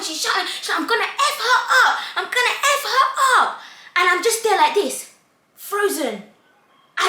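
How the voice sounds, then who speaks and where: A woman's voice: high-pitched, sharp tone. A young woman telling a dramatic storytime, acting out everyone's voices. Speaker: storytime vlogger. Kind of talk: animated storytime. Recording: echoey room.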